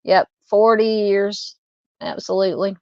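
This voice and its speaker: Speaking a little slowly in a steady, slightly mellow medium-pitched voice, a woman in her fifties with a Southern accent runs a true crime live stream. She chats with viewers and reads their comments casually, with lots of fillers and restarts. The recording is dry and dull.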